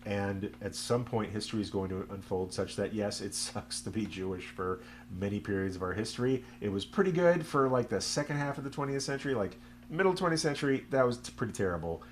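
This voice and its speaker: A man with a lowish voice talks through religious ideas casually, like a stream host chatting with viewers. He jokes often and fills pauses with plenty of ums and uhs. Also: lively intonation, slight background noise. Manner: chatty and joking, with frequent fillers. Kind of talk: casual livestream teaching.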